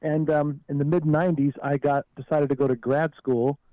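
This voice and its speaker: A man's voice: on the high side, flat delivery, moderate pace, dry recording, lo-fi sound. A man from Southern California, a guest author telling stories in a casual interview with a wry, joking manner.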